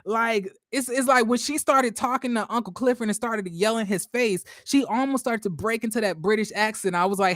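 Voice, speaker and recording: A man casually recapping a TV episode for viewers, animated and swearing freely. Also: high voice, a little fast, few pauses, no echo, studio quality. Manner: animated, swears a lot, addresses viewers as y'all. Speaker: show reviewer.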